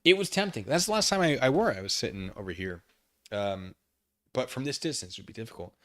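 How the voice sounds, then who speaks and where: Animated male streamer chatting casually. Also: medium pitch, fast. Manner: rambling, self-deprecating, reads chat aloud. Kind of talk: casual live-stream chat. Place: living room.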